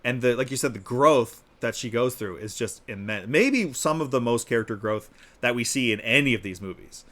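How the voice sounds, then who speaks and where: A man co-hosting a livestreamed podcast in a casual chat, lively, acting out quoted lines in a raised voice. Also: fairly quick, hardly any pauses. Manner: animated, acts out quotes in a higher voice. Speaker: podcast co-host. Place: live-streamed podcast.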